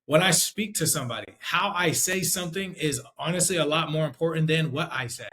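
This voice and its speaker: A man's voice: a little high, a little fast, hardly any pauses, pushed and bright. A man teaching sales as a trainer, in unscripted talk, thinking aloud and checking in with the listener as he goes. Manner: conversational, checks in with "okay?" and "right?"; thinks aloud with restarts, demonstrates tones.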